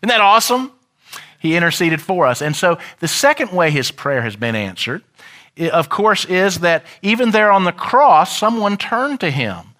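A man pastor preaching a sermon in a church, shifting dramatically and shouting out the crowd's lines. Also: sits high, very animated, moderate pace.

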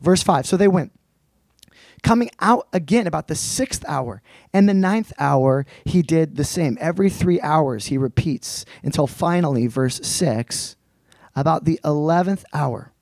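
A male preacher teaching through a Bible passage in a relaxed, conversational sermon, explaining with slangy asides. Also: fairly high pitch, measured pace, vocal fry, no room sound.

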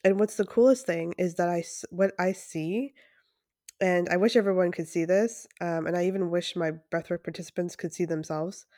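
Young woman, solo podcast host, lowish voice, eager and rambling, dry close-miked sound. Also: steady tone, moderate pace, dark tone, no echo. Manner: enthusiastic, chatty, frequent fillers and restarts. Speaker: podcast host and breathwork facilitator. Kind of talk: casual solo podcast monologue.

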